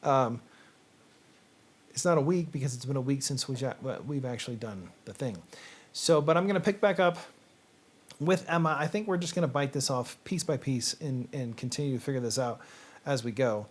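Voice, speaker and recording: A man hosting a casual reading show, chatting to camera in a rambling, hesitant way with many fillers and quiet asides. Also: mid-range voice, moderate pace. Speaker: host.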